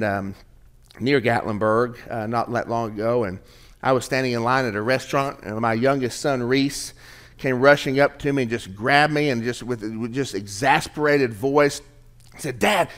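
A middle-aged man preaching a conversational sermon to a congregation in church, joking with the listeners. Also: mid-range voice. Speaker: pastor. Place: church sanctuary.

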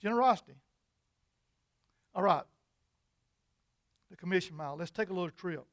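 A man preaching a sermon, telling an imagined story in an animated, repetitive way. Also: sits high, moderate pace, no room sound.

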